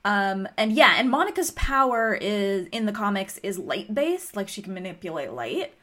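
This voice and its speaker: Lively-voiced woman co-host. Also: medium pitch, moderate pace. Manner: frequent "mm-hmm" backchannel, adds comic-book detail. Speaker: podcast co-host. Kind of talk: casual TV recap chat.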